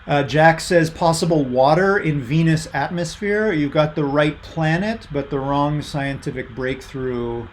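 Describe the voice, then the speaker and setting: A middle-aged man gives a university lecture over a video call, reading student answers aloud from the chat in a relaxed style packed with fillers. His voice is a little high and his pace measured, with few pauses and a faint hiss or hum underneath. It's an online lecture.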